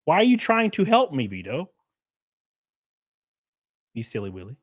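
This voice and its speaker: A man's voice: on the high side, wildly swooping pitch, moderate pace, pauses often, no room sound, clean studio sound. A man from Alabama, ranting and laughing on his livestream. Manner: profane, mocking, laughing often. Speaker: streamer. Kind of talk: casual livestream rant.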